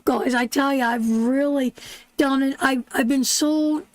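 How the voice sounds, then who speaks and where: A woman with a Canadian accent giving live tarot readings, slow and soothing, a little congested and sleep-deprived. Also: high-pitched, no echo, rough recording. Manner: slow, soothing, calls viewers sweetheart.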